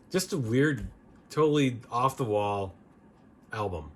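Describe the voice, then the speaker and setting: A man's voice: mid-range voice, big pitch swings, a little slow. A man hosting a casual record-review video, rambling and opinionated, often restarting his sentences. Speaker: music video host.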